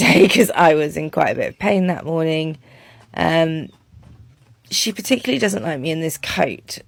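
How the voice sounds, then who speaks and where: A woman talking over her own horse training footage in a relaxed, chatty way, with many ums. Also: sits low, gravelly.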